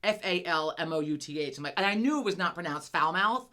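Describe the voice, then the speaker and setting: A young woman co-hosting a casual chat show, telling animated stories full of swearing and loud acted-out quotes. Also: low-pitched, fast talker. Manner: animated storyteller, swears a lot, acts out quotes loudly. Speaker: podcast co-host.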